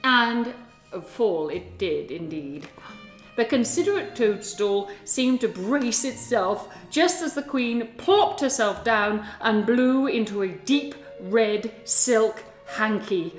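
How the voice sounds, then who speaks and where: A woman reads a children's tale aloud at a very unhurried pace, slightly high and careful with each phrase. Her voice sits in an echoey room, and gentle music plays faintly behind her. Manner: slow, expressive, deliberate. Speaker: storyteller. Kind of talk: storybook read-aloud.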